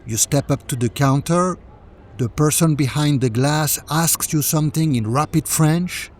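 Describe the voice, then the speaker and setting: A man teaching travel French in calm scripted narration, modelling phrases slowly and clearly. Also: on the high side.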